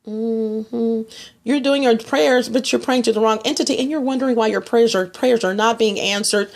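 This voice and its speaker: A woman's voice: moderate pace, creaky. A middle-aged woman from Texas talking casually to camera about faith and her skin products, rambling and restarting often. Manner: rambling, restarts a lot, mocks others in a higher voice. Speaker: vlogger selling skin products.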